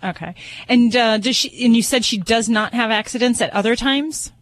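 A woman's voice: fairly high pitch, moderate pace. A woman advising a caller on a pet radio call-in show, explaining at length with light laughs and many fillers.

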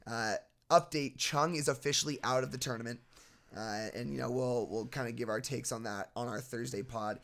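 A man's voice: mid-range voice, fairly even intonation, normal speed, creaky, a bit bright. A man hosting a casual podcast, steering the segments and reading posts aloud, laughing easily. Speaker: podcast host.

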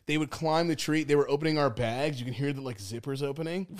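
A young man co-hosting a podcast, telling rambling, profane stories in casual chat and acting out loud quotes. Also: a little high, quick pace. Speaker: podcast co-host.

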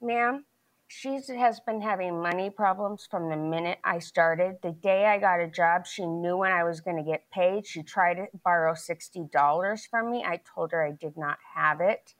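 A middle-aged woman with a lowish voice testifies at a moderate pace in a televised courtroom, where she is the plaintiff in a small claims case. She tells her story ramblingly, often restarting and quoting what people said.

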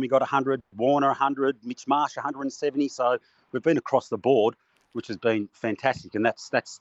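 Aussie bloke calling in all fired up about the cricket, dry muffled sound. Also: male voice, mid-range voice, dry recording. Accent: Australian. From Australia. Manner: boisterous, chanting, blokey. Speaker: guest fan. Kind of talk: casual call-in chat.

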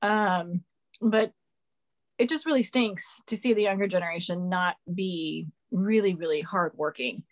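A woman's voice: fairly low pitch, measured pace. A woman guest on a podcast, talking casually, blunt, sarcastic and opinionated.

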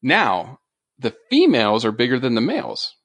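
Male podcast co-host, casual and animated, lively pitch, dry close sound. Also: moderate pace, no echo. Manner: animated storytelling, laughs often. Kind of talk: casual chat.

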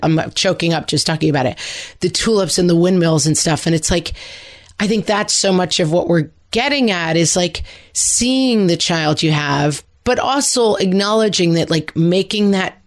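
A middle-aged woman co-hosts a podcast in easy conversation. Her voice sits a little low, and she talks loosely, circling her point with lots of "like" and quick restarts. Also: animated. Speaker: podcast co-host. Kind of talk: casual conversation.

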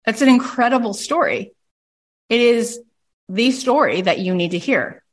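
A middle-aged woman coaching a caller, telling a story with emphatic, lively delivery and frequent "like". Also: fairly high pitch, normal speed. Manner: animated storyteller, emphatic, uses "like" often. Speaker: host, coach.

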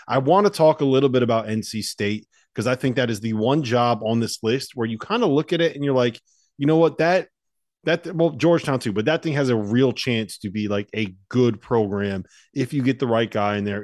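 A man with a mid-pitched voice leads a sports podcast, jumping in eagerly and handing questions around. His voice sits close to the mic with no room sound at all. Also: fairly quick, darkish tone, dry recording. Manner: eager, directs the talk and hands off questions. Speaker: podcast host. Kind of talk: casual sports chat, hosting.

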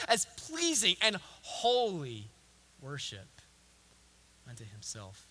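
A young man preaching a sermon, swinging from hushed storytelling to loud emphatic preaching, with repeated phrases and restarts. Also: high-pitched, animated, unhurried. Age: young adult. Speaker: pastor.

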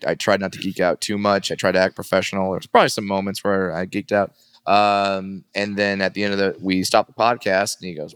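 A man who works as a stand-up comedian, telling stories in a casual interview and animatedly acting out other people in a high voice. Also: fairly quick, clear, resonant tone, no echo, studio quality. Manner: animated, acts out quoted voices in a high pitch.

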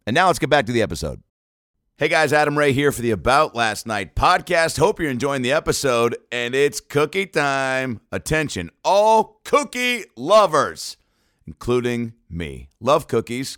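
A man hosting a podcast, reading ads with playful asides and quick self-corrections. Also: mid-range voice, clean tone, no echo, clean studio sound. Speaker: podcast host.

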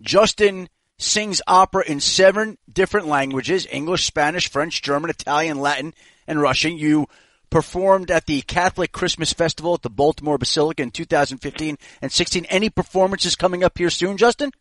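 A man's voice: fairly high pitch, a little fast, fairly bright tone, no room sound. A man interviewing a football player, asking playful, coaxing questions. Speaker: interviewer, reporter.

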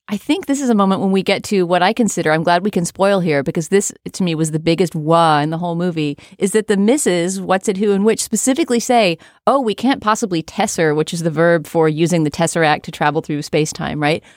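Woman, lowish voice, dry sound, articulate, wry critique. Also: fairly quick, darkish tone, no echo. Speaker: podcast co-host. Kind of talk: casual movie discussion.

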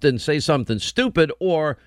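A man hosting a radio and TV show, talking in casual on-air banter and telling blunt, animated stories with quoted asides. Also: a little high, normal speed, no room sound, studio quality. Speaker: radio and TV host.

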